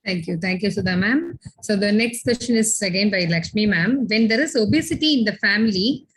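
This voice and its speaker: A woman's voice: medium pitch, fairly quick, slightly rough, rough recording. A woman moderating a webinar, politely reading out audience questions.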